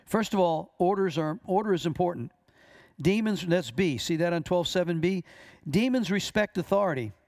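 Gravelly man teaching with stories. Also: sits high, moderate pace. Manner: animated storyteller, acts out voices in his stories. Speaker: minister teaching deliverance.

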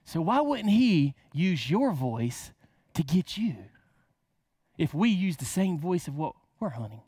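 A man's voice: on the high side, big pitch swings, measured pace, darkish tone, slightly rough, dry recording. A man preaching a casual sermon to camera, asking rhetorical questions and drawing words out for emphasis.

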